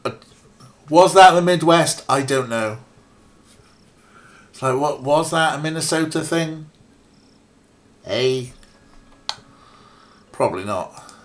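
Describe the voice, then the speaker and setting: A man's voice: a little high, lively intonation, slow pace, long pauses. A man casually playing a point-and-click game, reading its text aloud with wry, self-mocking remarks. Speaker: let's play streamer.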